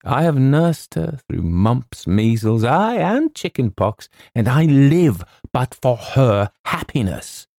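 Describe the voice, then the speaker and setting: A man playing a stern, protective old colonel who speaks in a grave, slow and menacing way. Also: mid-range voice, sing-song, gravelly, darkish tone, no room sound, clean studio sound, voice pushed up, full character voice.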